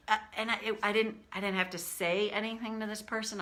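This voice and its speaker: A middle-aged woman talking casually as a tapping coach, candid and animated, acting out her own past reactions. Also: medium pitch, normal speed. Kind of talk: casual teaching talk.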